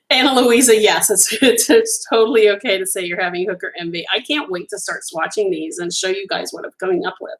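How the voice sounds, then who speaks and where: A woman hosting a casual live stream as a crochet designer. She is chatty and enthusiastic, addresses viewers by name, and sounds a little hoarse as she keeps clearing her throat. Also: mid-range voice, a little fast, low-quality recording.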